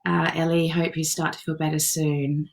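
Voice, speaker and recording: A woman with a low-pitched voice hosts a live online self-love session. She talks in a relaxed, chatty way, greeting viewers and answering their comments with encouragement. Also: moderate pace, gravelly. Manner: warm, encouraging, reads viewer comments aloud. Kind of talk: casual live-stream chat.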